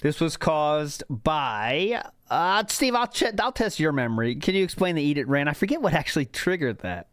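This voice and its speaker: A man hosting a casual chat show, laughing often and animated. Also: on the high side, normal speed, hardly any pauses, dry recording, studio quality. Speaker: host.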